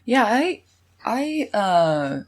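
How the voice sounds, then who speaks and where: A woman's voice: mid-range voice, big pitch swings, drawn-out words. A young adult woman co-hosting a podcast, telling personal stories in casual chat, with many ums and laughs. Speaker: podcast co-host.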